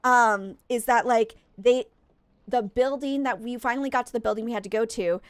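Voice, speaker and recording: A woman's voice: on the high side, normal speed, no room sound. A woman game streamer chatting with her viewers and telling a rambling story, full of fillers. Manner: rambling, chatty, heavy use of "like" and "um"; greets and thanks chat warmly. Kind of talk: casual live-stream chat and storytelling.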